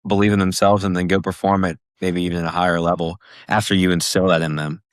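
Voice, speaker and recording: Deep, flat-voiced male co-host. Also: fast, no room sound, clean studio sound. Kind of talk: interview question.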